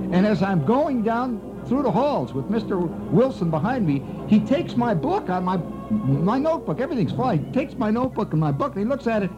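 A man telling a long comic story on the radio in a rambling, wry way, his voice leaping high when excited. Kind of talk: animated spoken storytelling. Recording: dull lo-fi old radio recording.

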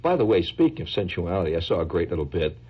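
A husky-voiced man holds forth on the radio in a rambling monologue. His pitch swings animatedly as he muses and wanders from thought to thought. The sound is that of a radio broadcast. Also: fast talker. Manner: lively, musing, slips into mock voices. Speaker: radio host.

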